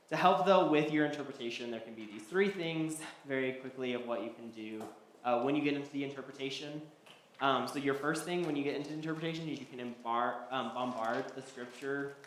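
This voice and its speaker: A man teaching a Bible study class, talking loosely with many ums and restarts. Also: mid-range voice. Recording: echoey hall, faint background noise.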